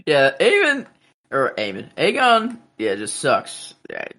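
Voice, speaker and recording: Lively chatty man co-hosting a podcast. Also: on the high side, slow pace. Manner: chatty, reactive, asks questions. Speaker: podcast co-host. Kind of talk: casual recap chat.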